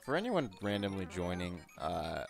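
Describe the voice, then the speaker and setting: A man's voice: sits low, sing-song, normal speed, gravelly. A man streaming a video game live, chatting in a rambling, self-mocking and jokey way. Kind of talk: live gameplay commentary. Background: faint game music.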